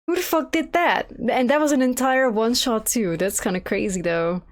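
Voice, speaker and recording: A woman's voice: a little high, moderate pace. Profane, joking young woman gaming. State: sleepy. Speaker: let's play streamer. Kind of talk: casual gaming commentary. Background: game music and sounds.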